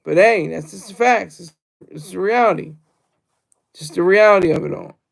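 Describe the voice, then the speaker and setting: A man's voice: sits high, moderate pace, gravelly. A man rambling through a casual livestream monologue, repeating himself and reading out the chat. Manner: rambling and repetitive, reads chat aloud.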